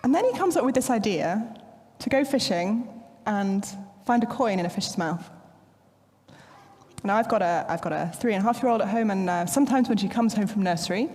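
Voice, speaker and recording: Brief: woman preacher in her thirties, lively storytelling, middle pitch, echoing church hall. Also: a little fast. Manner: playful, animated storytelling. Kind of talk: sermon.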